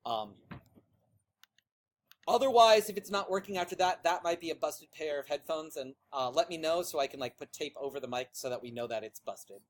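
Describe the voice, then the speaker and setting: High-voiced man in loud teacher mode. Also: lively intonation, normal speed. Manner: loud teacher voice, chatty, with fillers and asides. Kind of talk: classroom software tutorial.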